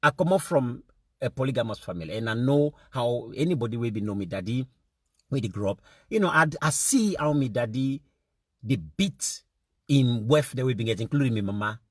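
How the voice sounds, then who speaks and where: Sierra leonean accented man, indignant monologue, lively swooping pitch, dry close sound. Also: brisk, no echo. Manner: mixes English with Krio phrasing, repeats words for emphasis; indignant and emphatic. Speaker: speaker addressing fellow men. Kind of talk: impassioned spoken monologue.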